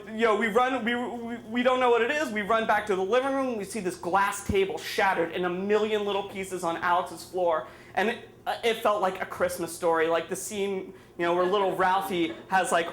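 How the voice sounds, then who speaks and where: A man's voice: high voice, fairly bright tone, slight background noise. A man telling a funny personal story at a live storytelling night in a bar, rambling and full of fillers as he mocks himself. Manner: rambling and filler-heavy, self-mocking humor. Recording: echoey room with faint ambience.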